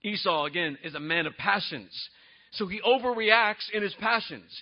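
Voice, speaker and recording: A male pastor preaches in a church, his voice lively and swinging widely in pitch as he draws the congregation in with questions. His tone is husky and a bit breathy, and the recording sounds dull and lo-fi. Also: moderate pace. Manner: animated, conversational, asks the congregation questions. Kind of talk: sermon.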